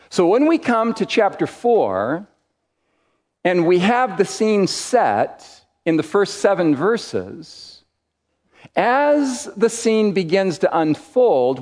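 A man preaching a sermon in an emphatic, deliberate way, with dramatic pauses between phrases. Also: sits high, darkish tone, big-room sound.

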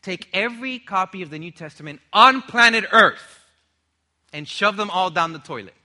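Bright-voiced, emphatic male preacher. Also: high voice, expressive, normal speed. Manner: emphatic, rhetorical questions to the congregation. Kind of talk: sermon.

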